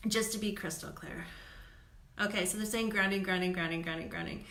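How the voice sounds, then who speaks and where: A woman hosts live intuitive card readings in a chatty, laughing way, often checking in with her viewers. Her voice is bright and forceful at a middling pitch. The sound bounces around an echoey room. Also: fairly even intonation, a little fast. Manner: chatty, laughs often, says "okay?" a lot.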